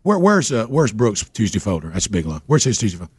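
A man hosting a radio show, telling a story in a casual, animated way with laughter and repeated words. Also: on the low side, fast, husky.

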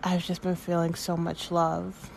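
A woman in her thirties talks slowly in a casual podcast monologue, rambling, candid and free with swear words. Her voice sits a little low and carries emotion close to tears, with a faint hiss of room ambience behind her. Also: completely flat delivery, vocal fry, a little mellow. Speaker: podcast host.

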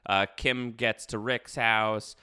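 A man's voice: fairly low pitch, steady tone, takes it slowly, sharp tone, clear, resonant tone. A man hosting a podcast, chatting casually through a recap with lots of fillers. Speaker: podcast host.

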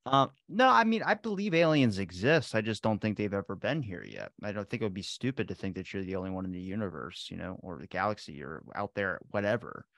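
Rambling low-voiced podcast host. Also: male voice, sing-song, brisk, gravelly, hardly any pauses, a bit bright, no room sound, clean studio sound. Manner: rambling, jumps between tangents. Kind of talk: casual conversational interview.

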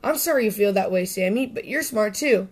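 A warm, patient mother squirrel from a children's storybook, voiced by a woman reading aloud. She speaks gently and reassuringly, at a middle pitch. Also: lively intonation, brisk, lightly acted. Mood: gentle.

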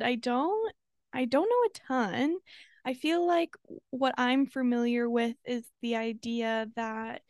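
Gravelly-voiced young woman co-hosting. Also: on the high side, darkish tone, dry recording, clean studio sound. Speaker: podcast co-host. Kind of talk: casual chat.

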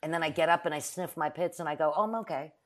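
A woman's voice: deep voice, quick pace, over a noisy crowd. A woman guest in casual chat, frank, salty and self-mocking.

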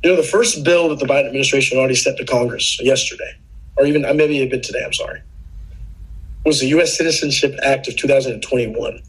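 A man's voice: medium pitch, fast talker, slightly rough, poor audio. A man, a podcast guest, explaining immigration policy in casual political chat, earnest and patient, often restarting his sentences.

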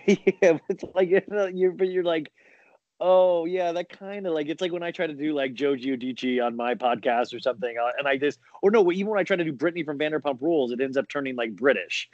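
A man guesting on a podcast, talking casually in halting bursts with many restarts. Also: on the high side, darkish tone, no room sound, highs cut off.

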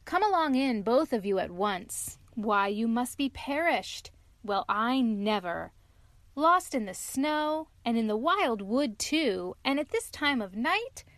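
A woman voicing a gruff, suspicious old male badger who turns kindly and fatherly, read from a storybook. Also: on the high side, very animated, slow pace, fairly bright tone, dry recording, full character voice. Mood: warm.

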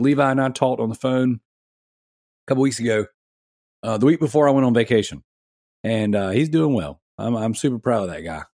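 A man's voice: medium pitch, darkish tone, no room sound, studio quality. A man in his thirties hosting a casual gaming podcast, chatty and rambling, laughing often. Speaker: podcast host.

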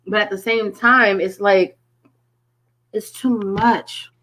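A woman from Connecticut, a guest in a casual chat, telling stories in an animated way and acting out what people said. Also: medium pitch, slow pace, low-quality recording. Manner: animated storyteller who acts out quotes.

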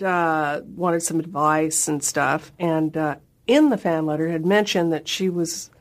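An older woman in an archival interview, recounting a story in a chatty way with frequent laughter. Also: on the low side. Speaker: interview guest. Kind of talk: anecdotal interview.

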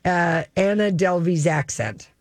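A woman's voice: lowish voice, animated, unhurried, no echo. A woman hosting a show, rambling through gossipy entertainment chat with lots of fillers. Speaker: radio show host.

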